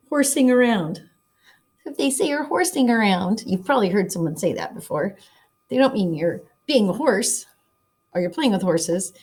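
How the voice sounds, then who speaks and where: A woman teacher giving a read-aloud lesson to children, explaining sayings slowly and plainly. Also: mid-range voice, a little mellow, husky. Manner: friendly, explaining slowly to kids. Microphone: document camera setup, teacher at desk.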